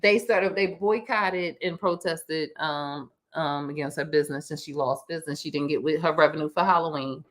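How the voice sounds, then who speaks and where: In this casual podcast conversation, a woman co-hosting the show spins animated, meandering stories full of fillers and false starts. Her voice is low-pitched, and she talks at a moderate pace with hardly any pauses.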